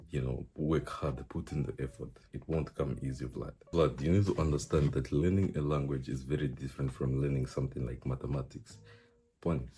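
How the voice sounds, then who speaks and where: A man's voice: extremely low pitch, warm tone. A young man giving casual language-learning advice in a rambling, playful way, full of fillers. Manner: rambling, chatty, many fillers; playful, teasing.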